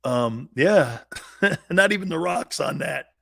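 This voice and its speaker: Male sports host, 50s, former player: emphatic, blunt storyteller, slightly raised pitch, dry sound. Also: animated, slow pace, vocal fry, fairly bright tone, no room sound. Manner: emphatic, blunt, salty slang. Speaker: sports talk show host, former pro football player. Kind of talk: animated personal storytelling.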